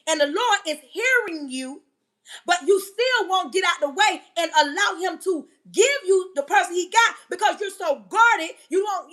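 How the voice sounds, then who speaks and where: Female live-stream preacher: high, bright voice, emphatic, loud, full of rhetorical questions. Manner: yelling and emphatic, banging on the table.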